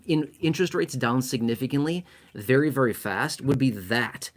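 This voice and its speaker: Self-mocking, emphatic male commentator. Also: medium pitch. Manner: self-mocking, emphatic, repeats words for stress. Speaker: finance commentator. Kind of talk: casual commentary to camera.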